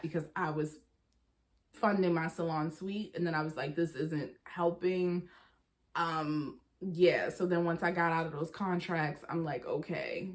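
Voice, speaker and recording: Speaking in a lowish voice, a young woman vlogger chats her way through a storytime, performing other people's remarks in fast quoted voices.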